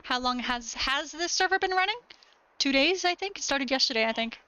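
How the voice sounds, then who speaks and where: High, bright-voiced woman streamer. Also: lively intonation, fairly quick, dull audio. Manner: clipped dog-training commands, then explanatory talk. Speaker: gaming streamer. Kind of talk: casual live-stream chat.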